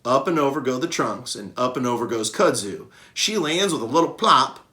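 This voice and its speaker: A man reading a children's novel aloud with expressive narration. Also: mid-range voice, normal speed. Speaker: reader. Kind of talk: storybook read-aloud.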